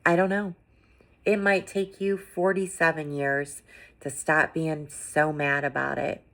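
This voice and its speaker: A middle-aged woman with a low voice hosts a gentle, encouraging podcast monologue. She talks earnestly and casually, leaning on "you know" and "like" as she goes. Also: level tone, a little slow. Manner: earnest, conversational, many fillers like "you know" and "like". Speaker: podcast host.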